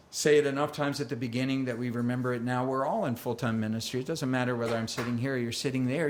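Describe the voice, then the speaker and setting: In a roomy sanctuary echo with slight background noise, a pastor with a mid-range voice preaches in a chatty, self-deprecating way. His conversational sermon includes quoted voices that he acts out.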